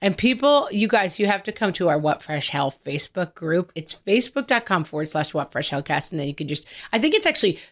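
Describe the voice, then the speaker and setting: Woman, middle-aged, podcast co-host, chatty, lower pitched voice. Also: brisk, hardly any pauses. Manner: chatty, animated storytelling. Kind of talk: casual podcast chat.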